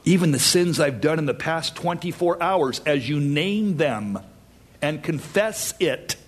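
A man preaching a sermon, earnest, with dramatic pauses and rising emphasis. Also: a little high, expressive. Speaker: pastor.

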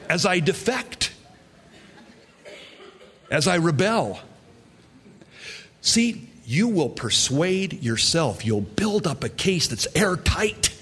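Husky, lively preacher man. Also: high voice. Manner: emphatic, repetitive preaching with acted asides. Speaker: pastor. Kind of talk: sermon.

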